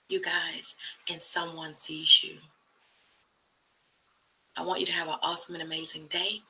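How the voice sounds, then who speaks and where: A woman host speaking earnestly and emphatically in a personal testimony vlog, often dropping to a soft hush. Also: low-pitched, little pitch movement, moderate pace, long pauses, slightly rough, low-quality recording. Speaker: channel host.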